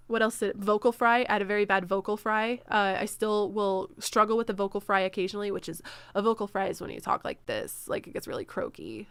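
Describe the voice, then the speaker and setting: A woman streamer chats through viewer questions in a loose, off-the-cuff way, stopping to correct herself and dropping plenty of ums. Her voice comes across smooth and clean, and the sound is dry with no room ring. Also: medium pitch, fairly bright tone, no room sound. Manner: frequent ums and self-corrections. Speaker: streamer hosting a Q&A. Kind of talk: casual live-stream advice chat.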